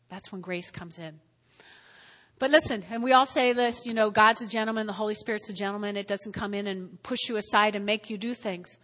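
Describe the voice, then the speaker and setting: A woman preaching a sermon, repeating key words, asking the congregation to respond, and swinging between quiet asides and loud emphasis. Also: mid-range voice, a little fast. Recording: hall reverb.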